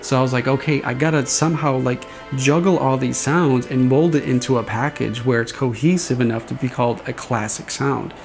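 A man's voice: mid-range voice, a little fast, gravelly, hardly any pauses, faint music behind. A man casually explaining how he designed a sound, rambling a little and imitating swing noises with his voice. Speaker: saber sound font designer. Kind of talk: casual explanatory demo talk.

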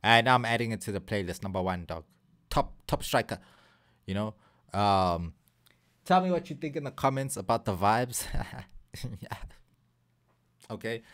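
A young man, hosting a casual music video reaction and talking straight to his viewers in a loose, excitable way. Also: on the low side, moderate pace, long pauses. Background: faint hip hop from the video.

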